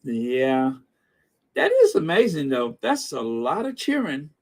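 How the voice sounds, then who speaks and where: Host, middle-aged man from the Midwest: casual, slow-talking chat over live comments, slightly high voice. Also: wildly swooping pitch. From American Midwest. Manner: chatty, laughs often, reads comments aloud with frequent fillers.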